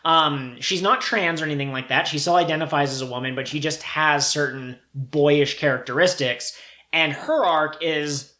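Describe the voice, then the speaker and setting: A man co-hosting a casual podcast, explaining an anime plot in a joking, animated way. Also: fairly high pitch, normal speed, roomy sound. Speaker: podcast co-host. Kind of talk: casual chat.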